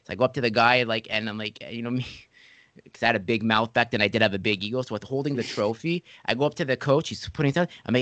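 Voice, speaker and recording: In a quick, medium-pitched voice with no echo around it, a podcast host keeps his casual interview lively, telling animated stories and voicing the quotes himself.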